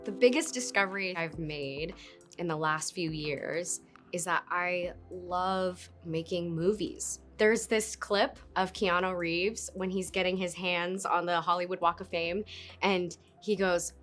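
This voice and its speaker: A woman's voice: on the low side, fairly even intonation, unhurried, a bit bright. Giggly, playful woman actress. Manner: bubbly and giggly, playful asides. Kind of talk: casual interview talk to camera. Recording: faint music behind.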